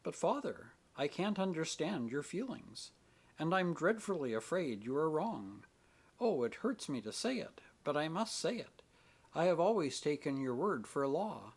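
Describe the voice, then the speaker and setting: An earnest, devout young woman pleads softly but firmly, her voice husky and raised, moving through a lively melody. A man voices her in an audiobook reading. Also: on the high side, pitched above the performer's own voice, exaggerated voice.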